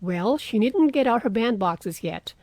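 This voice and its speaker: A woman voicing a teasing, good-natured wealthy young man in an audiobook reading, with a lively, coaxing way of talking. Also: on the high side, a little slow, no room sound.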